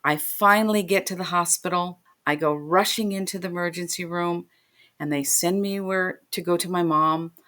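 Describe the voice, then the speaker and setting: A middle-aged woman, a guest on a podcast, recounts a personal story. Her voice sits low, and she tells it with vivid emotion, slipping into the voices of the people she quotes. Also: fairly even intonation, normal speed, bright, forceful tone.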